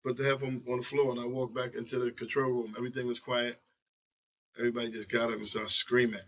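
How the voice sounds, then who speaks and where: Here the same kind of guest, a middle-aged veteran rapper from New York, recounts his career in a casual indoor interview, animated and full of slang, swearing, and acted-out quotes. His mid-range voice runs fast, captured from a distance over background noise.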